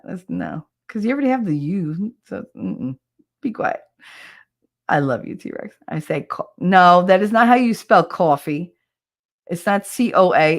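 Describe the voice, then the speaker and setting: Woman streamer, New Jersey accent, slightly low voice, casual and blunt, reads chat aloud between laughs. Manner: blunt, laughs often, swears freely. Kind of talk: casual live-stream chat, reading comments.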